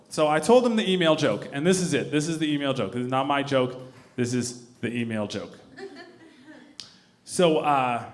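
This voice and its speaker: A man performing live stand-up comedy, telling a loose story with casual swearing. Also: fairly high pitch.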